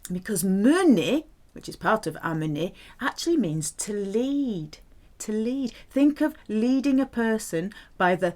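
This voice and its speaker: French-accented woman, animated grammar teacher, lively pitch, playful and patient. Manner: playful, animated, spells words and repeats French examples slowly. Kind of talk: grammar lesson.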